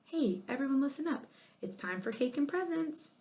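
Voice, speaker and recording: Storybook mom, shrill and hollering, bossy and panicky, read by a woman. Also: expressive, normal speed, a little mellow. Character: frantic bossy mom hosting a party.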